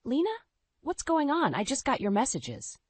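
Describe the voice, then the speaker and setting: A woman's voice: high-pitched, huge pitch swings, normal speed, husky, no echo, pitched above the performer's own voice, full character voice. A woman voicing an evasive, guilty husband who stammers defensively. She reads him in a story narration. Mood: flustered.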